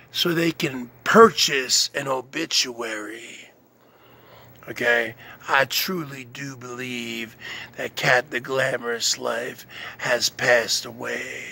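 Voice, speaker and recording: Slow, gravelly man taunting a viewer. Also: mid-range voice, pushed and bright, a little hiss or hum. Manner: slow, taunting, boastful, drops into breathy whispers. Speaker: channel host. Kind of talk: mocking monologue to a viewer.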